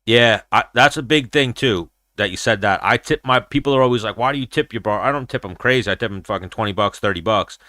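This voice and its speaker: Profane, animated man hosting a livestream. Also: fairly low pitch, fairly quick, hardly any pauses, no room sound, clean studio sound. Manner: acts out his own quoted lines. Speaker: show host. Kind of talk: casual livestream chat.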